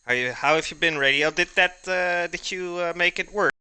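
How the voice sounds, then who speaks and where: A man's voice: high-pitched, normal speed, bright, forceful tone, smooth, no room sound. A man hosting a live cooking stream, chatting casually with his viewers, joking, laughing often and answering their messages while he cooks in his kitchen. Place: home kitchen.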